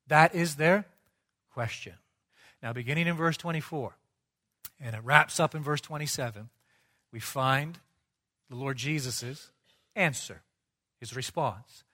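A man preaching a sermon, emphatic and rhetorical, dropping low and quiet and then rising loud for his points. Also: measured pace, pauses often. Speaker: pastor.

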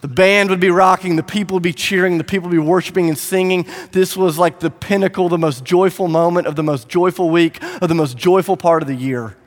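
A male pastor delivering a sermon in a church, telling the story emphatically with rhythmic lists and moving between loud and hushed passages. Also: high voice, steady tone, brisk, few pauses. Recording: echoey hall.

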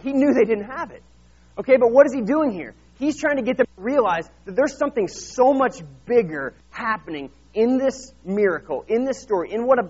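A man preaching a sermon, retelling Bible scenes in a lively, casual way and acting out the characters. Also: high voice, dull audio, slight background noise. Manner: animated, acts out Bible scenes in casual voices. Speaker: pastor.

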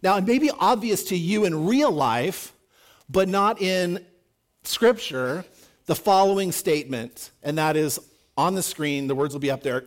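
A man's voice: a little high, expressive, moderate pace. A man preaching a sermon in a conversational, emphatic way, acting out quotes as he goes. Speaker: pastor.

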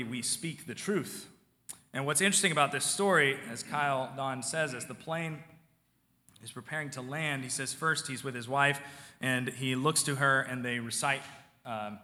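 Pastor, male; casual sermon delivery that drops from loud to near-quiet; bright tone, reverberant hall. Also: mid-range voice. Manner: conversational preaching, swings from loud to hushed.

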